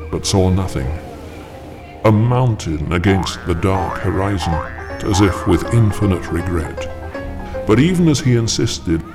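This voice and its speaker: A man narrating a story with dramatic intensity, pushing his voice much higher whenever he quotes a character. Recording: narration with clear background music.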